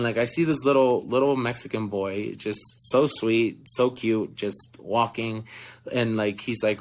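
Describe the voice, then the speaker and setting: An earnest young man in his twenties talks through stories from touring as an actor, with a fairly low voice. He fills his sentences with casual fillers and laughs often between thoughts. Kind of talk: casual interview storytelling.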